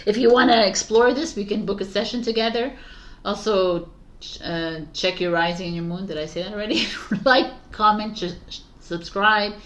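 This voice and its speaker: A woman's voice: medium pitch, fairly bright tone, slight background noise. A woman reading tarot cards for viewers in a loose, rambling way, often breaking into laughter as she talks about letting go and self-love. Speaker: tarot reader. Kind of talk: casual tarot reading monologue.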